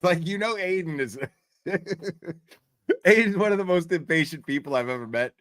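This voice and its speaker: A man's voice: sits high, animated, unhurried, a bit bright, no room sound. A man casually chatting with his stream viewers, swearing often and laughing at his own jokes. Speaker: streamer talking to chat. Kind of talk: casual livestream chat.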